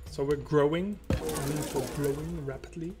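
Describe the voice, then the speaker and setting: Male let's play host, slightly high voice, rambling self-talk over loud game music. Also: steady tone, moderate pace. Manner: rambling, talks to himself and the game. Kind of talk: casual gameplay commentary.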